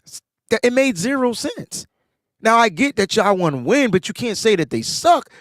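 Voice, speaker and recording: At a moderate pace, a co-host slightly under the weather relates a sports story in easygoing chat, turning animated with pitch rising when excited. The studio-quality recording is dry.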